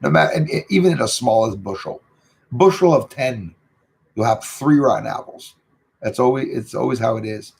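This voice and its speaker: Guy in his middle years rambling on a livestream, kinda raspy, lots of ums. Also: mid-range voice, normal speed. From Canada. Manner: rambling, chatty, lots of fillers. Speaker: channel host reading live chat. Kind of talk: casual livestream chat.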